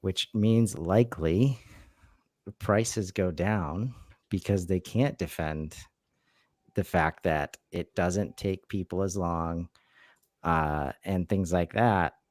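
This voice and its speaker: Very deep-voiced male podcast co-host, plain and matter-of-fact. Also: slow, a little mellow, no room sound. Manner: matter-of-fact, thinks aloud with restarts. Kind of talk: podcast discussion.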